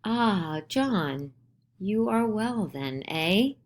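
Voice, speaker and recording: A woman voicing a frail, gentle, steadfast older woman in a dramatized play reading. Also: medium pitch, animated, very slow, pitched above the performer's own voice.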